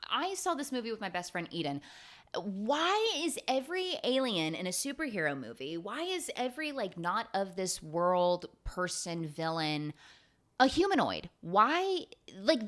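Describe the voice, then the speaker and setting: A woman in her twenties giving a rambling, sweary comedic movie recap full of lively asides. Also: fairly low pitch. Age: 20s.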